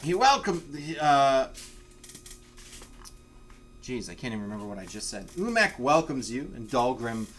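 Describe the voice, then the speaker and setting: A man running a tabletop game, with a bright tone and a lively pitch. He rambles, searching for words as he describes the scene. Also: normal speed, pauses often, slight background noise. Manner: rambling, many fillers and restarts. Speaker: game master.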